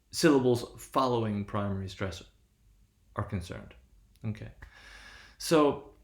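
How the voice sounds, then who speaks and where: Man lecturing in an echoey room. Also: mid-range voice. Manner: explanatory, frequent "right?" checks and self-corrections. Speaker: linguistics lecturer. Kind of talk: classroom lecture on stress patterns.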